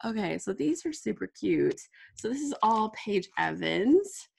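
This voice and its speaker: A gushing, chatty woman in her thirties hosts a live crafting stream. Her voice is medium-pitched with a noticeable gravelly fry, and she talks in a bubbly, easygoing way, sprinkling in plenty of "like.". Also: sing-song, measured pace, darkish tone. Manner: bubbly, gushing, lots of "like" fillers. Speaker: scrapbooking livestream host. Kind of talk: casual live crafting chat.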